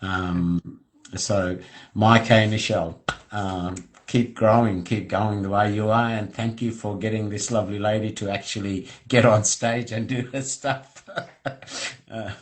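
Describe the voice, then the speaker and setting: Australian male host with a lowish voice, friendly and halting, lots of filler words. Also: fairly even intonation. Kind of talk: casual interview chat.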